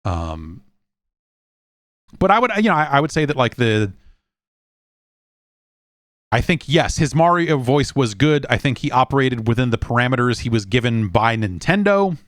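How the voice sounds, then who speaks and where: A man's voice: medium pitch, very animated, normal speed, pauses often, no echo, studio quality. A man hosting a podcast in a casual, wry, rambling chat full of fillers and restarts. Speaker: podcast host.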